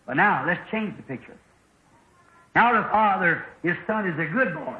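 A man's voice: sits high, expressive, moderate pace. A man preaching a sermon in a church, telling a folksy story and acting out its dialogue in shifting voices. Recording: echoey dull old sermon tape.

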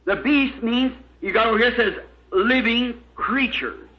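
A fervent male preacher with a very high voice delivers a sermon unhurriedly, emphatic and spelling words out letter by letter. The old lo-fi recording is dull and echoey, made in a roomy church.

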